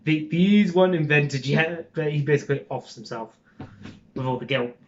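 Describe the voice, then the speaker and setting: A man's voice: fairly high pitch, normal speed, lo-fi sound, slight background noise. A young Scottish man with a Scottish accent, chatting casually to camera in a rambling, informal way, with lots of ums and swearing. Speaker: vlogger.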